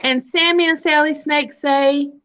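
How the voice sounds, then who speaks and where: High-voiced woman teacher, slow, sing-song phonics drills over a video call. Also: steady tone, fairly bright tone, poor audio. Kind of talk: live online phonics lesson for young children.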